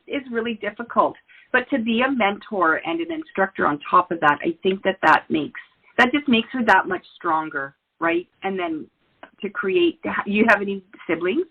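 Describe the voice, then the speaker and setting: A woman hosting an interview, chatty and quick to laugh. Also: medium pitch, breathy edge. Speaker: host. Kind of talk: casual interview chat. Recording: tinny phone-like line.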